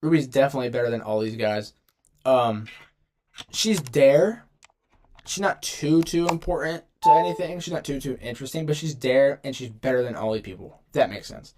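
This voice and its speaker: A man's voice: mid-range voice, moderate pace, darkish tone. Rambling young man ranking game characters. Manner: rambling, slangy, self-interrupting. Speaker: gaming video creator. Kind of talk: casual tier-list commentary.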